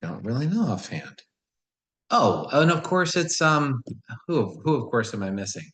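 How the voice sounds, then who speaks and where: A man's voice: mid-range voice, very animated, a little slow, fairly bright tone, rough recording. A man solving a word puzzle and thinking aloud in a casual, musing way, often questioning himself. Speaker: puzzle solver.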